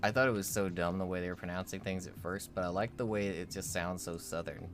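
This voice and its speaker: A man's voice: sits low, steady tone, fast. A man co-hosting a gaming livestream, chatting casually and rambling playfully. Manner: rambling, playful, fond of mock pronunciations. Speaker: livestream co-host. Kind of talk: casual gaming stream chat.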